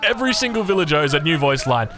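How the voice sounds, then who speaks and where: A man with an Australian accent casting a strategy game match, excitable and rambling, with chatty asides. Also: a little high, racing. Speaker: game commentator. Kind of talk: casual live strategy game commentary.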